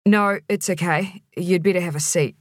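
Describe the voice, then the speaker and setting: A woman reading an audiobook, voicing a grave, stoic male farmer who speaks in terse, halting bursts. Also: on the low side, steady tone, no echo, studio quality, close to an everyday voice. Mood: strained.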